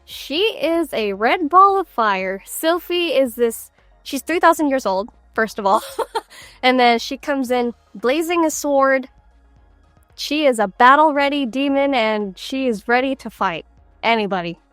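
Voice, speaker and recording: Lively young woman, high voice. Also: unhurried, no echo, faint music behind. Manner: animated storytelling with frequent laughs. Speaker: voice actress guest. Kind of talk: casual interview chat.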